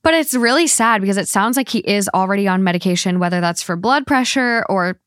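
A young woman hosting a podcast in casual chat, blunt and quick to swear. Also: mid-range voice, lively intonation, fairly bright tone, smooth, dry recording, clean studio sound. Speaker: podcast host.

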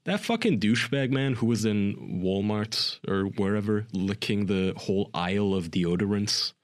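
A man's voice: fairly low pitch, normal speed. A man co-hosting a podcast, talking bluntly and with lots of swearing. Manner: blunt, profane, ranting. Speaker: podcast co-host. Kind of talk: casual chat.

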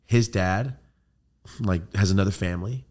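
A man hosting a podcast, telling a story in casual chat, animated and swearing a lot. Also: deep voice, normal speed. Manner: animated, swearing, quoting friends in put-on voices. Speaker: podcast host.

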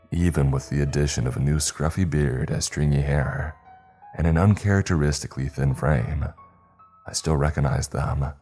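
A man with an extremely low, deep voice narrates a horror story in a measured, steady way. Faint music hums quietly beneath his reading.

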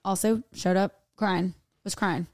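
A woman's voice: mid-range voice, fairly even intonation, unhurried, darkish tone. Chatty woman telling a story. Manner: chatty, rambling storytelling with many "like"s. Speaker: podcast co-host. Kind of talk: casual chat.

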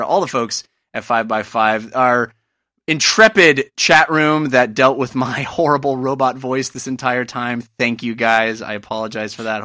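A man's voice: mid-range voice, bright, forceful tone, dry recording, studio quality. A man hosting a podcast from a remote call, chatting casually with laughs and fillers, his voice coming through glitchy and robotic over Skype. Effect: glitchy robotic Skype audio. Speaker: podcast host.

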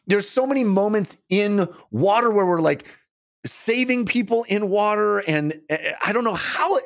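A middle-aged man co-hosting a film podcast, talking in an animated, gushing way and trailing off mid-sentence. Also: sits high, unhurried, vocal fry. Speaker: podcast co-host. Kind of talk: casual film review chat.

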